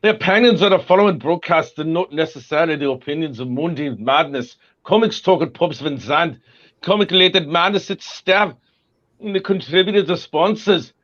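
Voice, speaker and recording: An American man doing a high, pompous mock-British announcer who reads a broadcast disclaimer in a sing-song, mocking way. The voice sits well above his usual pitch. The stream audio is dull and lo-fi. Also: moderate pace, fairly bright tone, natural voice. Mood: mock-formal.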